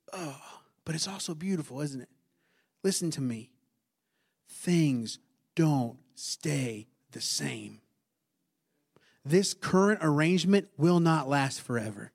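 A man's voice: fairly high pitch, darkish tone. A man, preaching a sermon in a conversational way, often putting questions to the congregation. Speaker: pastor.

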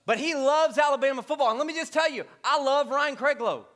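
A man's voice: very high voice, a little fast, a bit bright. A man in his thirties from Louisiana preaching a sermon in church, conversational and joking, with repeated refrains. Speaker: pastor.

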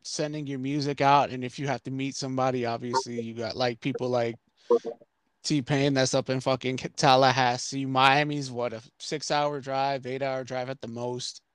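A man's voice: mid-range voice, flat delivery, moderate pace, clear, resonant tone, dry recording. A man hosting a podcast in casual chat, joking and ranting with plenty of swearing. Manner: joking, profane, rambling rants. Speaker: podcast host.

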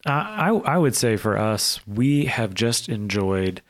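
A man's voice: fairly low pitch, sing-song, unhurried. Stuffed-up Pittsburgh-area man co-host. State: stuffed up from allergies. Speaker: podcast co-host. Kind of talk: casual faith podcast chat.

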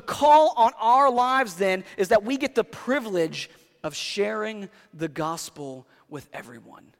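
A male pastor preaching a sermon in a conversational, animated storytelling way, swinging from loud to quiet. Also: sits high, a little slow. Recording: long hall reverb.

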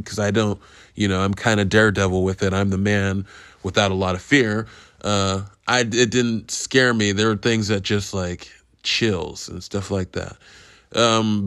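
A man's voice: on the low side, dry recording, studio quality. A man hosting a casual solo podcast, reviewing a movie in a rambling, profane, self-interrupting way. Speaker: podcast host.

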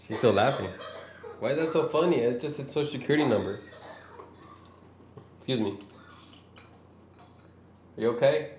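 A woman's voice: a bass voice, lively intonation, moderate pace, pauses often, reverberant, background noise. A woman chatting casually with her partner over a meal, teasing and laughing.

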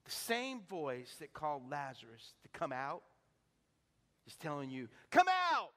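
A pastor preaching an impassioned sermon, swinging from hushed to shouting. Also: male voice, fairly high pitch, sing-song, a little slow. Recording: long reverb of a large hall.

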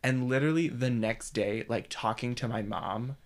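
A man from the US West Coast co-hosting a casual podcast, with a gravelly, creaky edge to his voice. He jokes at his own expense and restarts his sentences often as he tells stories. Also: medium pitch. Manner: self-deprecating, halting with restarts. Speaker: podcast co-host. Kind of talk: casual chat.

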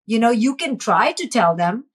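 A woman's voice: on the high side, very animated, moderate pace, breathy edge. A middle-aged woman, a parenting expert, explaining earnestly and emphatically as a guest in a podcast interview.

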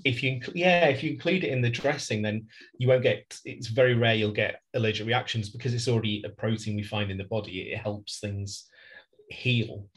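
A man's voice: fairly low pitch, a little fast. A man co-hosting a casual TV rewatch podcast, chatty and prone to laughing while he explains facts. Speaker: podcast co-host. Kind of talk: casual chat with trivia segment.

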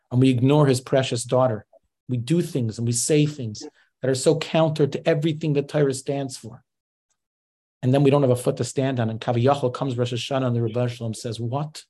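A man's voice: mid-range voice, warm tone. A man preaching a sermon, earnestly telling a parable sprinkled with Hebrew and Yiddish terms.

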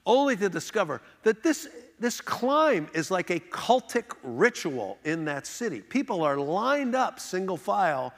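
A man's voice: high voice, sing-song, a little slow, hardly any pauses. A man giving a humorous storytelling talk with self-deprecating comic timing, recorded in a large hall. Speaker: speaker. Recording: long hall reverb.

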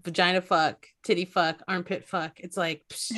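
A woman's voice: lowish voice, normal speed. A woman co-hosting a podcast in casual chat, swearing freely and acting out quoted lines. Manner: profane, animated, acts out quoted lines. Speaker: podcast co-host.

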